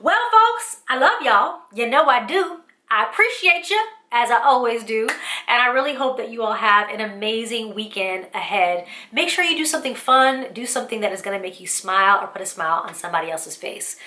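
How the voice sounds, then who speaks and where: A woman's voice: on the high side, expressive, a little fast, sharp tone. A woman hosting a motivational vlog, talking in an earnest, upbeat, casual way about faith and friendship. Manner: earnest, upbeat, uses Southern-US slang like y'all. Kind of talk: casual faith-based encouragement talk. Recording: echoey room.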